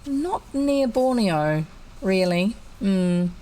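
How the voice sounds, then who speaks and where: A woman's voice: mid-range voice, lively intonation, extremely slow, warm tone, low-quality recording. A woman with a New Zealand accent reading a children's story aloud and adding chatty asides. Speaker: audiobook reader.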